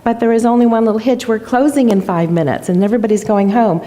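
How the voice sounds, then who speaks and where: A woman's voice: fairly high pitch, fairly even intonation, fast talker, dark tone, big-room sound, close to an everyday voice. A woman voicing a cheerful male mechanic in a joke, upbeat and reassuring.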